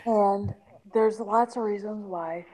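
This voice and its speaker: A woman's voice: medium pitch, low-quality recording. Emphatic woman in her forties. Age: 40s. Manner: animated, emphatic, halting restarts. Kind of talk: casual chat.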